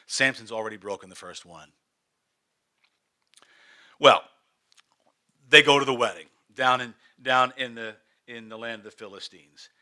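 A man preaching, retelling a story dramatically and acting out the characters. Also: on the high side. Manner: animated, dramatic, acts out the characters. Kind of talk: sermon storytelling.

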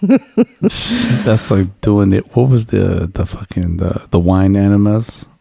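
Deep, gravelly man cursing bluntly. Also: expressive, takes it slowly, mellow, no room sound, studio quality. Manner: blunt, profane interjections. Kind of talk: casual chat.

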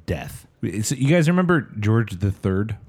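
A man's voice: lowish voice, very animated, a little slow, darkish tone, slightly rough. A man co-hosting a casual podcast, telling a history story in a loose, joking way. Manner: loose, meandering, with dry jokes. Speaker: podcast co-host. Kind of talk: casual chat.

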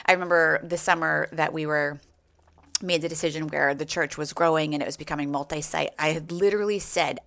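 A middle-aged woman co-hosting a casual podcast chat, telling a family story with lively acted-out quotes. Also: sits low, creaky. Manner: animated storytelling, acts out quoted lines. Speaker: podcast co-host. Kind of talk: casual chat among friends.

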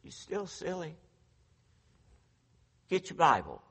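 A preacher voicing his young wife in a story, gently scolding and firm with him. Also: a little high, wildly swooping pitch, slow pace, husky, big-room sound, pitched above the performer's own voice, exaggerated voice.

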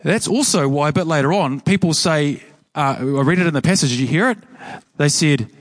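A man's voice: fairly high pitch, brisk, no echo. A man preaching a sermon in a church in a conversational way, often repeating phrases for emphasis. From New Zealand. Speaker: pastor.

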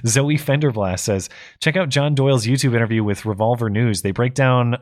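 A man's voice: medium pitch, fairly quick, hardly any pauses. A man co-hosts a casual talk show, his voice tired and going. He reads out viewer messages and comments on them, stumbling and restarting as he thinks aloud. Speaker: co-host.

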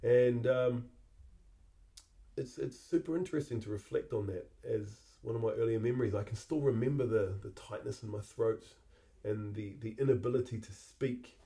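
A middle-aged man, hosting a podcast and telling a personal memory in a halting, reflective way that often repeats words. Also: mid-range voice, mellow. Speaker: podcast host.

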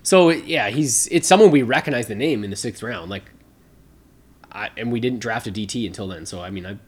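A man's voice: fairly low pitch, fairly quick, slightly rough. A man co-hosting a podcast, talking casually about sports with a lot of fillers and restarts. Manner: rambling, conversational, many fillers. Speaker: podcast co-host.

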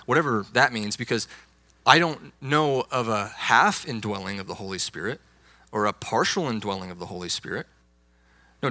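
A man's voice: mid-range voice, pushed and bright, dry recording. A young adult man, a youth pastor, preaching a sermon with emphatic, insistent stress on key words.

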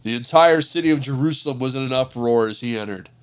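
Man reading scripture in a measured voice. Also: medium pitch, clear, resonant tone. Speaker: scripture reader.

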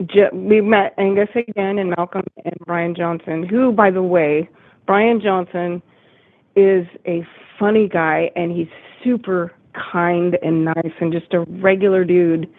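A woman's voice: fairly low pitch, fairly even intonation, measured pace, no room sound. Woman on a tinny phone line. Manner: chatty, rambling storyteller. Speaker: guest, tribute band member. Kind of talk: casual interview chat.

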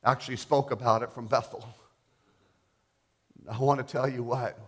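A middle-aged male pastor preaching a sermon, telling a testimony softly and rising to loud, impassioned declarations. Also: mid-range voice, steady tone, normal speed, husky. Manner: quiet storytelling building to loud, impassioned declarations.

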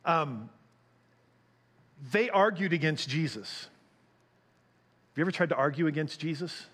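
A man's voice: on the high side, a bit bright, breathy edge. A man preaching a sermon as pastor, conversational, asking the congregation questions and acting out quotes.

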